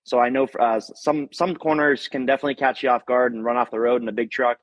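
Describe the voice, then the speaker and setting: A man's voice: mid-range voice, little pitch movement, quick pace, dry recording. A man, an off-road racer, chatting as a guest in a laid-back, modest way with lots of fillers. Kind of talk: casual interview chat. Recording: dull lo-fi call audio.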